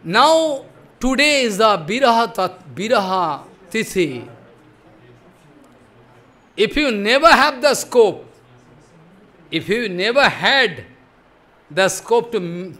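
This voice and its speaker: A man delivers a devotional sermon in a high, bright voice. He is emphatic and questioning, repeating points and checking that listeners follow. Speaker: spiritual teacher.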